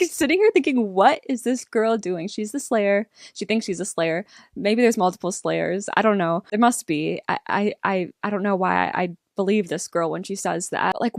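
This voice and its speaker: A young woman reacting to a TV episode, excitable and rambling as she thinks out loud. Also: mid-range voice, vocal fry, no echo, clean studio sound. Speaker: reaction vlogger.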